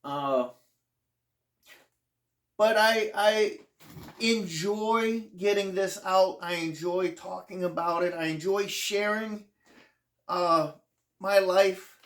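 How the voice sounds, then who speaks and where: A channel host telling a personal memoir in an earnest, halting way, often restarting sentences and sounding emotional, close to tears at times. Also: medium pitch, a bit bright, echoey room.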